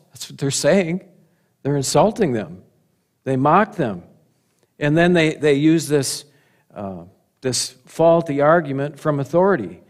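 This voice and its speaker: A man preaching a sermon, animated, asking rhetorical questions and chuckling at his own points. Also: fairly high pitch, measured pace, long pauses. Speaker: pastor.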